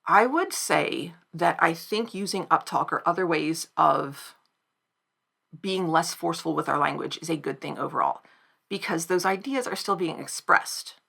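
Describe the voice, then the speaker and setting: A woman giving reflective commentary to camera, thoughtful and measured, pausing now and then to find the right words. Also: deep voice, vocal fry, fairly bright tone. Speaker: video essayist.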